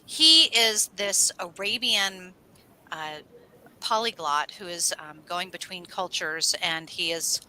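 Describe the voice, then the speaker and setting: A woman co-hosting an astrology livestream, telling rambling stories in a casual, animated way and swearing now and then. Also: on the low side, slow pace, rough recording. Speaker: astrology show co-host.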